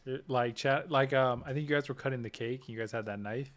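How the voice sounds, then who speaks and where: A man's voice: mid-range voice, a little fast. A man on a podcast, recounting things in an easygoing, chatty way. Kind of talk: casual chat.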